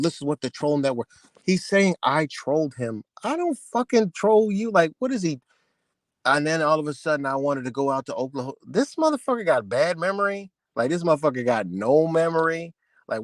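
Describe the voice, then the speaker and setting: A man's voice: medium pitch, no room sound. A man ranting heatedly and profanely on his livestream, repeating himself as he vents. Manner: agitated, profane, repetitive ranting.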